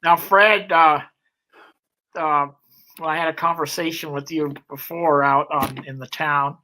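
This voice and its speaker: A man's voice: on the high side, fairly even intonation, measured pace, sharp tone, rough recording. A male interview host asking a question in a rambling way with restarts.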